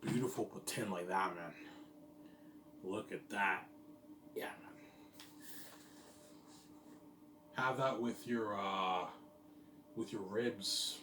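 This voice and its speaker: A man's voice: fairly low pitch, fairly bright tone. A man in a casual rambling monologue about his company plans, repeating stock phrases like "look at that" and "yeah, man". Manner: repetitive, keeps saying "yeah, man" and "look at that". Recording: echoey room, distant mic, faint ambient noise.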